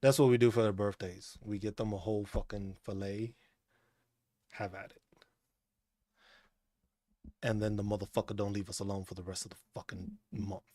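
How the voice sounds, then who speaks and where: A man's voice: lowish voice, little pitch movement, moderate pace, long pauses, warm tone, no echo, clean studio sound. A man hosting a casual chat stream, talking in a laid-back, profane way and laughing often. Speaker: streamer host.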